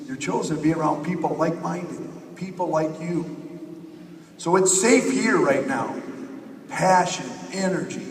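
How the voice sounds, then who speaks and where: A man giving a motivational stage speech at a company convention, energetic and rallying the crowd with repetition. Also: on the high side, slight background noise. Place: large convention hall. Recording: echoey hall, picked up from far off.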